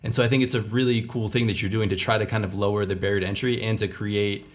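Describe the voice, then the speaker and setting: A man hosting a podcast, introducing his guest and talking in a measured, reflective way. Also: fairly low pitch, fairly even intonation. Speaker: podcast host. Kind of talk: podcast intro and interview chat.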